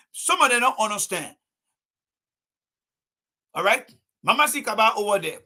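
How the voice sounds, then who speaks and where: Forceful high-voiced man ranting. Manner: emphatic, preachy, repeats points. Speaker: political commentator. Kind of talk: livestream political commentary.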